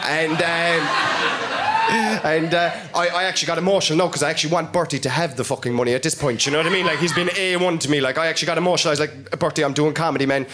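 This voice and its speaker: A man's voice: a little high, quick pace. A man from Ireland with a Cork accent doing a stand-up set, wry and laughing at his own lines. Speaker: stand-up comedian. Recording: noisy live club recording.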